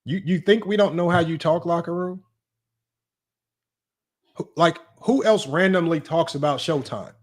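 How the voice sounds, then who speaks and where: A man hosting a sports debate livestream, talking brashly and teasing his chat in quick casual commentary. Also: fairly high pitch. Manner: brash, rapid, teasing, talks straight to chat. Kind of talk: casual live-stream commentary.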